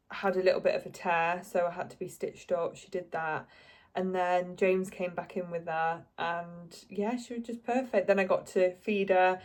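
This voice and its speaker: Young woman, lowish voice, casual vlog storytelling, chatty and heartfelt. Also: darkish tone. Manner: chatty, lots of likes and ums, emotional. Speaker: vlogger.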